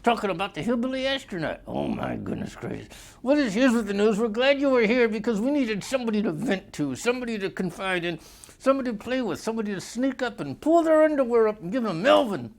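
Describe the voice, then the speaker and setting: Picture a man hosting his own comedy vlog, riffing crudely from one joke to the next. His pitch swings all over the place as he slips in and out of voices and a folksy drawl. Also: animated, fast talker. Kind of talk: rambling comic monologue.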